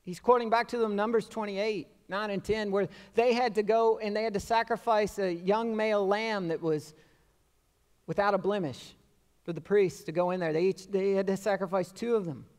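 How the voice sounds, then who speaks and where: A man's voice: high-pitched, steady tone, normal speed, a little mellow, clear, resonant tone. A man preaching a sermon as pastor, conversational and lightly humorous, acting out quoted speech now and then. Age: adult with children. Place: church sanctuary. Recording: long reverb of a church sanctuary.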